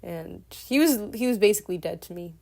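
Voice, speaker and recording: A woman in her twenties telling a personal story casually, in a meandering, soft-spoken way. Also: lowish voice, expressive, brisk, creaky.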